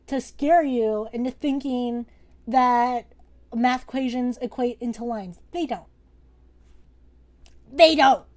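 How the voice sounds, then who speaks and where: A young woman hosts a casual live-streamed drawing lesson with a slightly high voice. She is playful and excitable, jokes with her viewers and swears in passing.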